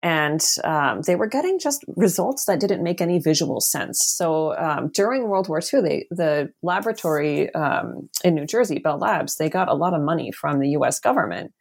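A woman with a low, husky voice and a gravelly fry talks through her research as an author in an interview. She thinks aloud, pausing on ums and restarting her sentences as she goes. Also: animated. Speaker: author and guest. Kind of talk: academic interview answer.

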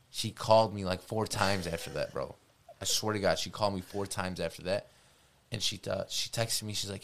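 Gravelly low-voiced man telling a story. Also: brisk. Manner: animated, profane, repetitive. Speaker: podcast guest. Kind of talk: casual storytelling.

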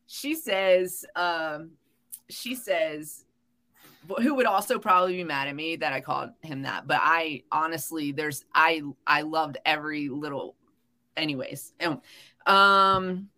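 A woman co-hosting a podcast, telling a story in casual chat, animated and laughing often, acting out the voices she quotes. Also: deep voice, measured pace. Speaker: podcast co-host.

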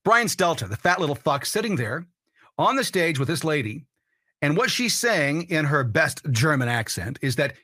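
A man's voice: a little high, sing-song, moderate pace, pushed and bright, slightly rough. A man hosting a political commentary show, ranting in a heated, blunt and profane way. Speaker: host.

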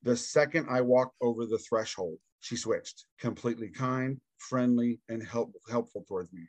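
A man's voice: medium pitch, normal speed, no echo. Man telling a story in a dry room. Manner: animated, acts out quoted dialogue; casual, says "dude". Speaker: podcast guest. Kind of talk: casual storytelling interview.

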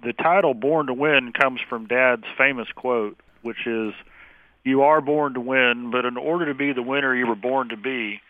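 A man's voice: mid-range voice, no echo. Man speaking over a tinny phone line. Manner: measured, explanatory. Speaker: guest. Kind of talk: conversational interview.

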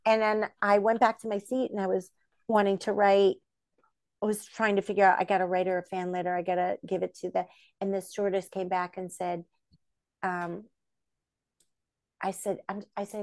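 Animated woman telling stories. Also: medium pitch, moderate pace, pauses often, dry recording, studio quality. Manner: lively, acts out quoted voices. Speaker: puppeteer and voice actress, guest. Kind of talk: casual interview storytelling.

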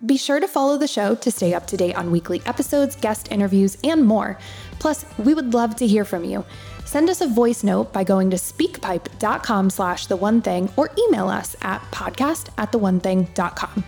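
A woman reading a scripted podcast outro in a smooth, upbeat, promotional way. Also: mid-range voice, lively intonation, moderate pace, darkish tone, faint music behind. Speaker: podcast announcer.

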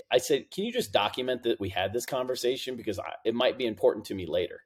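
A man's voice: mid-range voice, lively intonation, quick pace, few pauses. A middle-aged man, a guest on an interview podcast, telling anecdotes in a casual way and acting out the dialogue he quotes. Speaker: podcast guest, compliance officer.

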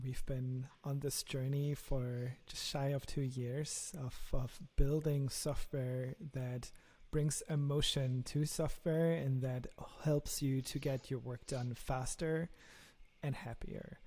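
German-accented man, gravelly and mellow. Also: mid-range voice. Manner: earnest, repeats words when starting sentences. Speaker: startup founder, guest. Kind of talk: casual interview talk.

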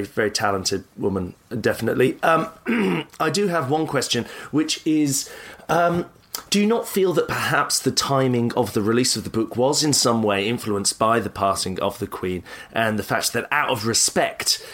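A man's voice: mid-range voice, fairly bright tone. A man, the producer on a comic radio show, hesitant and pedantic, stumbling over his words.

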